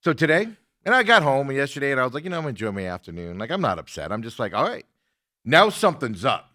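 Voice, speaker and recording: A man hosts a talk show in casual chat, retelling a frustrating call. His bright, forceful voice rides a lively pitch as he quotes both sides. The sound is dry and close. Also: fast, no echo. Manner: animated, indignant retelling with quoted exchanges. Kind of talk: casual chat, telling a story.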